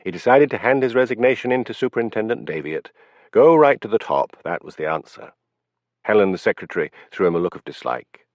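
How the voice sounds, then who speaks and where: A man narrating an audiobook with a low voice and a lively, expressive rise and fall. The sound is dry and close, with a dull, lo-fi tone. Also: a little fast, no room sound. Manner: expressive storytelling.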